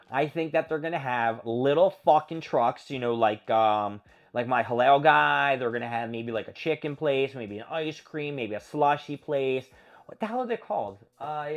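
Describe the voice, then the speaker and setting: A man hosting a solo show, venting in a profane, exasperated rant. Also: a little high. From Philadelphia area. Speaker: podcast host. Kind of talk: ranting solo monologue.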